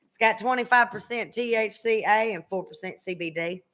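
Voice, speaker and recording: A woman's voice: medium pitch, brisk, a bit bright. A woman in her thirties hosting a casual podcast chat, chatty and teasing, with a drawl and frequent fillers. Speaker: podcast host.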